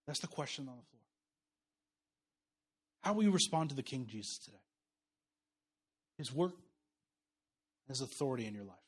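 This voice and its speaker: A man in his thirties, a pastor preaching a sermon, swinging between loud emphatic declarations and soft, quiet storytelling. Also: mid-range voice, expressive, normal speed, long pauses, slightly rough.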